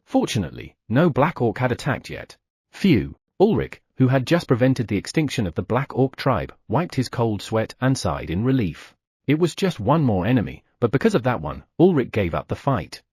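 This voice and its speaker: A man narrating an audiobook with expressive storytelling. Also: medium pitch, moderate pace, slightly rough, no room sound, studio quality. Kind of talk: scripted narration.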